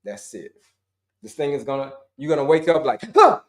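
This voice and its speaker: A middle-aged man, a health coach, teaching viewers in an animated, repetitive way, calling them folks. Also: medium pitch, fairly quick. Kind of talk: live-stream teaching talk. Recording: roomy echoey sound.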